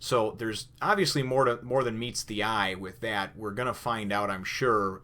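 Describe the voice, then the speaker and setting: Low-voiced man rambling through a review. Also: sharp tone. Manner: rambling, lots of "you know" and restarts; loosely acts out characters' lines. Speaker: manga reviewer. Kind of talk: casual chapter recap and commentary.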